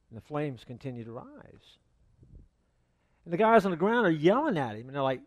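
A male pastor preaching a sermon in a relaxed, conversational way, full of fillers and asides. His voice sits higher than most men's. The sound is close and dry, with no room echo. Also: fairly quick. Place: church.

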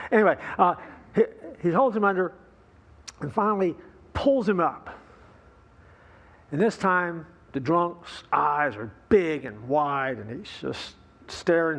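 A man preaching a sermon as pastor, telling a story in a folksy, relaxed way with fillers and asides to the congregation. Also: a little high, unhurried, vocal fry.

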